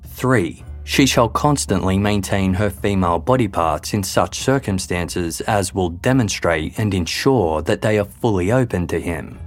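A man reading a scripted true-crime narration in a measured, grave way. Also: low voice. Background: faint background music.

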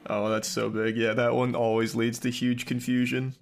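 Male co-host, teasing and jokey, mid-pitched voice. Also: level tone, moderate pace, gravelly. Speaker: podcast co-host. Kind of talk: casual chat.

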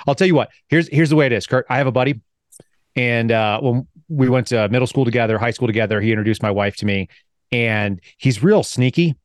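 A man hosting an interview, brisk and blunt, telling anecdotes to make his point. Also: medium pitch, dry recording, clean studio sound. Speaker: podcast host. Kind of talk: conversational interview.

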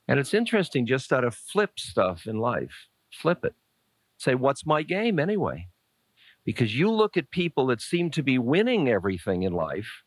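His medium-pitched voice swings widely in pitch at a normal speed, with no echo. A spiritual teacher in his sixties, he gives a live dharma talk to a lecture-room audience, answering questions conversationally and playfully with chuckles and asides.

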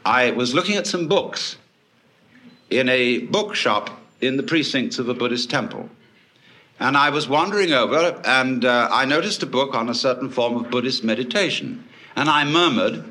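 A man giving a public lecture to an audience, telling stories in a wry, animated way with swooping emphasis. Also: medium pitch, moderate pace.

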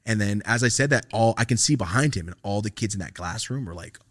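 A man hosting a podcast, telling a comic story casually with lots of swearing and animated energy. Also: fairly low pitch, fast, no room sound, clean studio sound. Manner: animated, profane, acts out quoted lines. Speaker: podcast host.

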